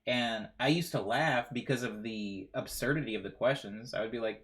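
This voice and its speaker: A man's voice: medium pitch, moderate pace, a bit bright. A male streamer chatting casually on a live stream, rambling and joking with bursts of mock outrage while reading chat aloud.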